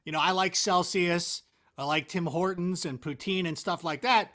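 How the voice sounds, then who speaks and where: A man's voice: high voice, moderate pace, bright, forceful tone. A man in his forties from Southern California, a sports analyst chatting as a guest in a rambling, self-deprecating way. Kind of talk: casual interview chat.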